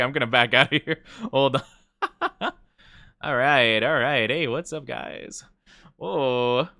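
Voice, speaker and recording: A young man chatting casually on a game live stream, playful and jokey, with bursts of mock self-pity and quick laughs. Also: medium pitch, bright, forceful tone, no echo, clean studio sound.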